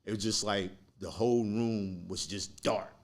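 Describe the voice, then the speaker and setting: A man with a low, gravelly voice tells a personal story as a podcast guest. He speaks slowly and earnestly, taking his time over each part.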